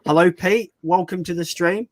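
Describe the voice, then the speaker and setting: A man hosting a casual livestream chat, talkative and quick to laugh. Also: high-pitched, steady tone, no room sound. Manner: chatty, laughs often. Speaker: YouTube channel host.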